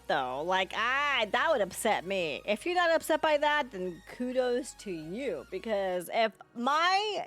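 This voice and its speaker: A woman's voice: on the high side, fairly bright tone. A woman livestreaming a game, chatting playfully with her viewers and laughing often. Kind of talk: live gameplay commentary and chat with viewers.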